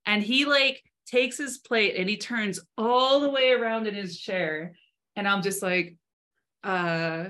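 Young woman cohost, bright voice, animated stories, swears a lot. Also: medium pitch, moderate pace. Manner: animated storytelling, swears freely. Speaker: podcast co-host. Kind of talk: casual chat.

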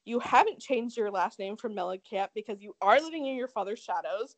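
A woman's voice: medium pitch, animated, fairly quick, noisy background. A woman in her twenties co-hosting a podcast, chatting casually in a gossipy, profane way and laughing often. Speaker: podcast co-host. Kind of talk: casual chat.

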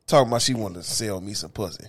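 A man's voice: on the low side, expressive, quick pace. A man co-hosting a podcast, telling a crude story in casual banter, swearing freely, laughing and acting out what people said. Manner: profane, laughing storyteller who acts out quotes. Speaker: podcast co-host.

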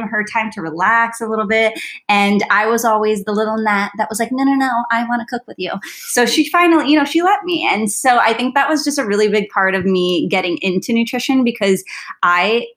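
Woman dietitian chatting on her podcast, mid pitch, rambly and reflective, lots of likes. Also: a bit bright. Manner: chatty and reflective, many fillers like "like". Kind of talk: casual chat.

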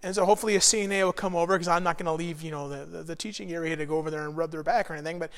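A man leading an informal Bible study, talking in a lively, animated storytelling way with frequent restarts. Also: fairly high pitch, racing, gravelly, big-room sound.

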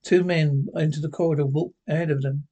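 Guy reading out a script, kinda high voice, trips over words a lot. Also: steady tone, dark tone. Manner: halting, stumbles over words. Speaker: reader.

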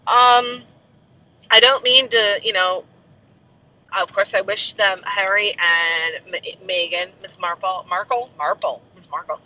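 A rambling, chatty man, talking casually to his viewers in a high, very bright voice. The sound is muffled and a little distant from the mic. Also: fairly even intonation, slow. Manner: rambling, chatty, self-mocking asides. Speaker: castle tour guide. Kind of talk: casual vlog chat.

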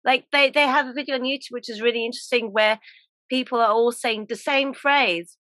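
An English woman hosting a podcast, talking in a relaxed, chatty way with lots of laughs and fillers. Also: fairly high pitch, a little fast, no echo. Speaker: podcast host. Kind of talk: casual chat.

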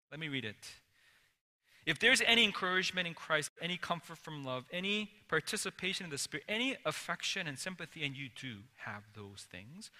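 Slow, bright-voiced preacher in a reverberant hall. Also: male voice, on the high side. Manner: dramatic, swings from loud emphasis to hushed near-whisper. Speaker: pastor. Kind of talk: sermon.

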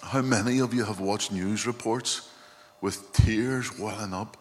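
A man's voice: on the low side, steady tone, a little slow. A male pastor giving an earnest, reflective sermon and often quoting scripture. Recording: long hall reverb, faint hum.

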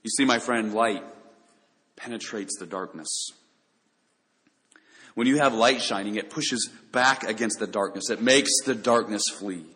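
A man's voice: lowish voice, measured pace, long pauses, pushed and bright, long reverb tail, rough recording. A man preaching a sermon, speaking earnestly and addressing listeners directly with rhetorical questions. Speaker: pastor.

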